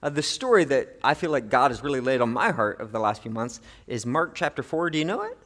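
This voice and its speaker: A middle-aged male pastor giving a sermon in an animated, conversational way, with playful asides. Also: mid-range voice, fast.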